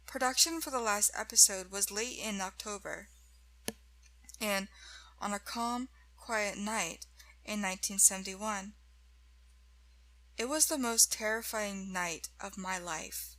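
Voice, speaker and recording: Slow, bright-voiced woman narrating horror. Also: medium pitch, poor audio. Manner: slow, measured first-person telling.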